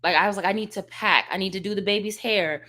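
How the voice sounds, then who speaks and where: A woman's voice: medium pitch, quick pace, bright, forceful tone. A young woman hosting a livestream from her bedroom, talking candidly and emotionally to her viewers about feeling tired and overwhelmed with a baby. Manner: candid, rambling, emotional venting. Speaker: livestream vlogger. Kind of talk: casual chat to viewers. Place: bedroom at home.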